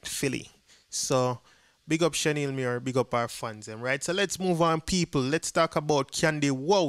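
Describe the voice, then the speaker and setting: A man's voice: mid-range voice, a bit bright, clean tone, dry recording, clean studio sound. A man with a Jamaican accent giving a casual commentary to viewers, chatty and mixing patois with English. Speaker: dancehall gossip vlogger.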